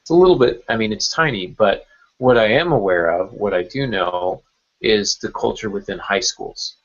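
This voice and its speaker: A man's voice: fairly low pitch, normal speed. A man who writes novels, co-hosting a casual podcast chat, hesitant with many fillers and restarts, over muffled call audio.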